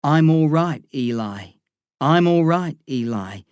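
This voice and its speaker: A wheezing, drunken father on a gurney, put on by a male reader, gasping between words with a rough tenderness. His voice sits a little high and close, recorded dry with no room around it. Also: a little slow, mellow, no room sound. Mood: tender.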